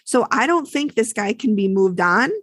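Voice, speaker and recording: A woman's voice: on the high side, lively intonation, moderate pace, no echo. A woman co-hosting a podcast, casually recapping a TV episode and acting out the lines people said. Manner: chatty, retells scenes with quoted lines.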